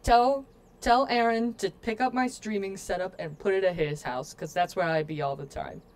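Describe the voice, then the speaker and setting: A woman's voice: mid-range voice, normal speed, a little mellow. A woman streaming a video game, talking casually with her viewers in a playful, joking way and addressing the chat often. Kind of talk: casual let's-play commentary.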